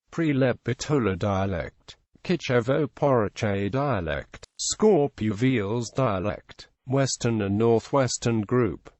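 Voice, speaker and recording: Dry, even male narration voice. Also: on the low side, no room sound. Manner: even, mechanical reading of lists and names. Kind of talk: scripted narration of an encyclopedia article.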